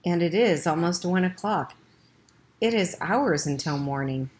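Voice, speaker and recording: A woman voicing an anxious, gentle mother who soothes her sick son. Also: fairly low pitch, animated, unhurried. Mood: worried. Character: worried gentle mother, middle-aged.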